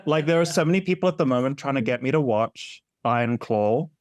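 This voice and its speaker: A man co-hosting a podcast in casual chat, animated and opinionated, laughing often and repeating himself. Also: medium pitch, brisk, no room sound. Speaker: podcast co-host.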